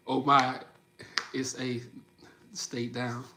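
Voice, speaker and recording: A man's voice: a little high, background noise. A man from the Midwest of the US chatting loosely with viewers on his live stream, laughing often and talking in slang. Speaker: livestream host. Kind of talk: casual livestream chat with viewers.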